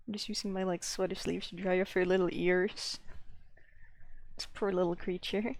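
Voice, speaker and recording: Gravelly-voiced woman streamer chatting casually. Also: fairly low pitch, flat delivery, normal speed, long pauses, slight background noise. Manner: rambling and giggly, with many "like" fillers; coos playfully at her pet. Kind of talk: casual live-stream chat.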